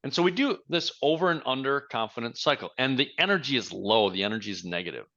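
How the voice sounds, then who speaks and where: A male leadership coach giving a motivational talk, his voice bright and forceful. He speaks with emphasis and leans on rhetorical questions, heard through a dull, lo-fi recording. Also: mid-range voice, animated, quick pace.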